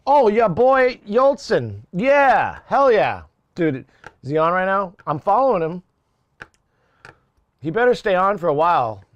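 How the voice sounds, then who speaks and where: A young man chats casually on a live music-production stream. He rambles, swears and laughs at his own jokes. His voice sits fairly high, and the sound is dry and close. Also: sing-song, a little slow, pauses often, no echo, highs cut off. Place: home studio.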